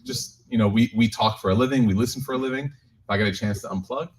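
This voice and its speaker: The audio is poor, but the medium-pitched voice of an imam comes through as he jokes and tells a lively story to listeners in a community gathering room. He ends by leading a slow closing prayer.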